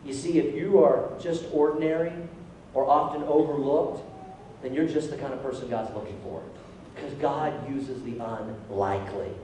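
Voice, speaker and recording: A male pastor preaching a sermon in a church, animated, calling out to the congregation for responses. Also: mid-range voice, moderate pace, a little hiss or hum. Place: church sanctuary. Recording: echoey hall from far off.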